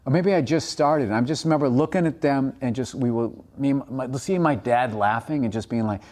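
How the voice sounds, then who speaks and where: A middle-aged man, a stand-up comedian, telling profane, animated stories in a casual podcast chat. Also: medium pitch, fairly quick.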